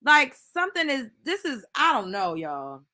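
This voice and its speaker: A woman's voice: sits high, sing-song, moderate pace, bright, forceful tone. A woman hosting a commentary show, reacting bluntly and incredulously with lots of cursing. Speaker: host.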